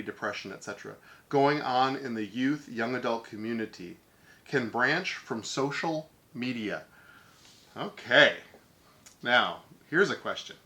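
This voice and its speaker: Podcast host, middle-aged man, bright voice, calm and reflective, unscripted. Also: medium pitch. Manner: calm, thoughtful, frequent ums and restarts. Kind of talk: spontaneous personal reflection.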